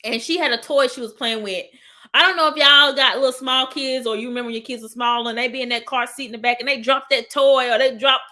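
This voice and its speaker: A woman's voice: high voice, fairly even intonation, fast, sharp tone. A woman, hosting a casual live talk and speaking straight to her viewers as y'all. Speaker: host of a live healing talk. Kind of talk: live-stream chat.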